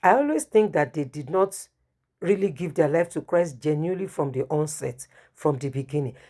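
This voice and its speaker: A woman's voice: low-pitched, lively intonation, normal speed, dark tone. Woman preaching a personal testimony. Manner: storytelling, acts out dialogue, emotional. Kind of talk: testimony sermon.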